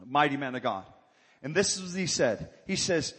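A man's voice: fairly high pitch, lively intonation, moderate pace, a bit bright, husky, long reverb tail. A male pastor preaching a sermon, calling for amens and building to fervent exhortation. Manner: call-and-response preaching, rising to fervent exhortation.

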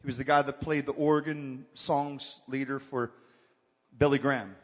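A man's voice: medium pitch, steady tone, normal speed, big-room sound. A male pastor preaching a sermon, calling for amens and building to fervent exhortation. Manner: call-and-response preaching, rising to fervent exhortation.

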